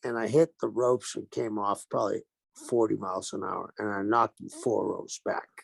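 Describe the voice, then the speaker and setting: At normal speed, a retired pro wrestler being interviewed spins lively anecdotes, voicing the people in every exchange. His older, gravelly voice sits at middling pitch with a fry edge, and the recording is close and dry with no echo.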